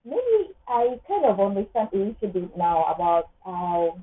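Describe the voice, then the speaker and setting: A woman's voice: mid-range voice, lively intonation, a little slow. A woman, sharing an emotional personal testimony in an earnest, rambling way. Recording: tinny phone-like audio.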